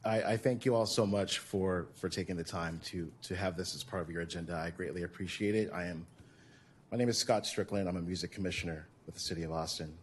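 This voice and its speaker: A man speaking as a music commissioner during public comment at a board meeting, polite and measured, with frequent hesitations. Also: low voice, a little hiss or hum.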